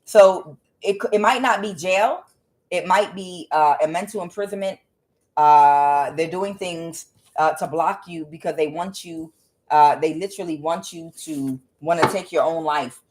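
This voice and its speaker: A woman's voice: low-pitched, a little slow, darkish tone. A woman tarot reader giving a casual, emphatic spiritual reading, preachy and blunt, with some swearing.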